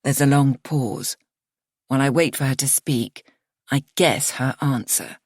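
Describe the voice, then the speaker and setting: Low, husky woman narrating a thriller. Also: no room sound, clean studio sound. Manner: measured, expressive storytelling. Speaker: audiobook narrator. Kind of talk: first-person thriller narration.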